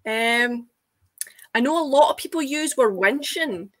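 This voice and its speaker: A woman's voice: fairly high pitch, lively intonation, a little slow, no room sound. A young Scottish woman in casual chat, eagerly explaining words on a video call. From Scotland. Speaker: guest.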